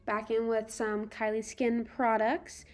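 A woman's voice: a little high, level tone, takes it slowly, darkish tone, soft background music. Casual young woman vlogger. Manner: chatty, with fillers and little laughs. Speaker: beauty vlogger. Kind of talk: casual vlog chat.

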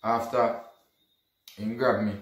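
A man's voice: lowish voice, slow. Man, echoey and distant. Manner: animated, acts out dialogue, repeats "you see me". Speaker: storyteller. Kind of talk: casual retelling of an event. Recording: echoey room, distant from mic.

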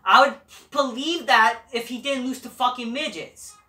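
A woman rants to the camera, swearing constantly and rambling from point to point. Her voice is bright and strained. It echoes around a roomy space, caught from some distance away. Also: a little high, normal speed. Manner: heavy swearing, rambling, frequent "you know". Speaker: channel host. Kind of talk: casual profane rant.

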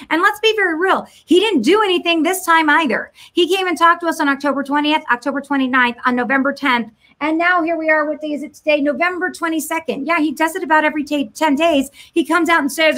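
A woman's voice: high voice, fast, few pauses, a bit bright. A woman giving an impassioned monologue to camera, mocking, firing rhetorical questions and doing voices. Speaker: political commentator.

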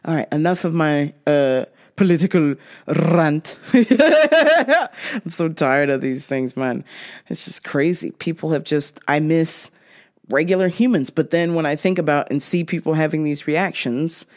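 A woman's voice: low-pitched, lively intonation, a little slow, a little mellow. A woman hosting a podcast, ranting bluntly and profanely in a casual monologue, often laughing. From half Jamaican. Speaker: podcast host.

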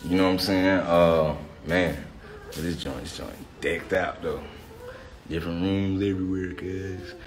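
In a home vlog, a man who is both a dad and a vlogger talks loosely, leaning on slang like "cuz" and "you feel me." He sounds low-pitched and unhurried, with noise in the background.

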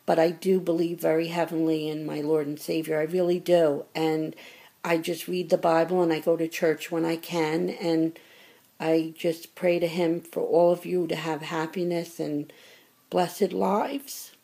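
A woman's voice: sits low, little pitch movement, measured pace, vocal fry, warm tone. A middle-aged woman chatting casually to her viewers as she opens fan mail, effusive and grateful and easily choked up. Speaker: vlogger opening fan mail. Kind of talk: casual chat to camera.

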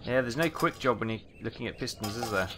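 A man's voice: medium pitch, lively intonation, fast, fairly bright tone, a little hiss or hum. A Welsh man casually chatting and muttering through a simulator game as he plays, with a run of British exclamations. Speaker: gaming video host. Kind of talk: casual let's play commentary.

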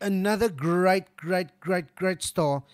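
A man's voice: high voice, slow pace. A man hosting a casual interview, gushing with praise and often repeating himself. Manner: effusive, repetitive "you know what". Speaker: host.

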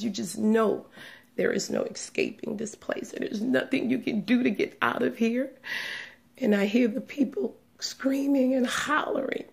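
A woman giving a personal religious testimony, speaking in a hushed, trembling way that often sinks into a whisper, close to tears. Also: a little high, creaky. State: tearful, on the verge of crying.

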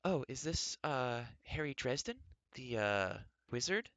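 A man voicing a nervous, apologetic adult woman with a slightly hoarse voice, speaking haltingly. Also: a bass voice, sing-song, fairly bright tone, no echo, voice pushed up, heavily acted.

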